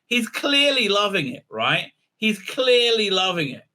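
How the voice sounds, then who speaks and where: A man's voice: high-pitched, sing-song, unhurried, pushed and bright. A man hosting a casual film recap and review, irreverent and joking, full of "uh, uh" fillers and swearing. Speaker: film reviewer, channel host.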